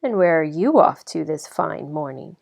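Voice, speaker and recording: A woman reading a storybook aloud and voicing a wicked, hungry wolf in a low, silky, drawn-out way. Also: animated, gravelly, darkish tone, full character voice. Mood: sly. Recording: slightly dull lo-fi recording.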